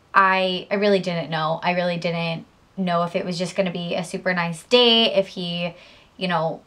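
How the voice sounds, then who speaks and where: A woman's voice: mid-range voice, fairly bright tone. A young adult woman vlogger telling a story in a chatty, gushing, giggly way. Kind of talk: casual storytelling to camera.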